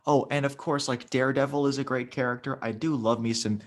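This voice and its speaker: A man's voice: mid-range voice, fairly even intonation, fairly quick, noisy background. A young man co-hosting a casual chat, rambling and restarting his sentences often. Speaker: podcast co-host.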